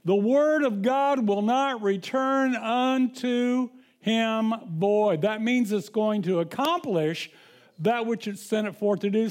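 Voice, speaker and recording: High-voiced man preaching a sermon. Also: a little mellow. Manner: conversational preaching with restarts and scripture reading. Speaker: pastor.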